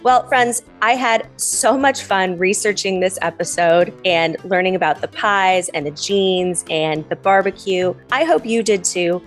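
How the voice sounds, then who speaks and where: A woman co-hosting a podcast in a casual, chatty way, easily amused. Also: lowish voice. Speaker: podcast co-host. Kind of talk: casual chat.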